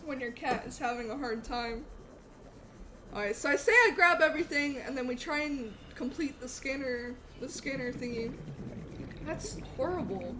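A young woman streaming a game live, chatting with viewers in a bubbly, animated way and eagerly thanking them. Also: sits high, normal speed. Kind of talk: live gameplay stream chat.

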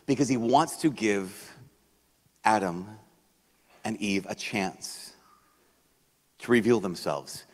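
A man preaching a sermon as a priest, in a conversational, animated way, acting out the voices he quotes. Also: lowish voice, takes it slowly, long pauses. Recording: long hall reverb.

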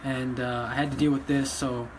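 A man who runs a dog rescue, ranting emotionally to his followers, pleading one moment and shouting defiance the next. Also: mid-range voice, flat delivery, normal speed, noisy background. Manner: agitated, pleading, swings between quiet and loud. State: emotional after crying. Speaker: vlogger running a dog rescue.

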